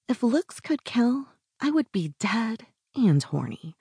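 A woman narrating a first-person romance audiobook in an intimate, breathy way that sometimes drops to a whisper. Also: on the high side, very animated, slow pace, hardly any pauses, warm tone, dry recording, studio quality.

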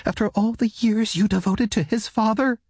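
A man's voice: sits high, fairly even intonation, normal speed, darkish tone, slightly rough, no room sound, voice pushed up. A man reading an audiobook, voicing a worn, bitter mother in a raised, clipped voice. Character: worn, bitter poor mother, middle-aged woman. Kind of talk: audiobook character voice.

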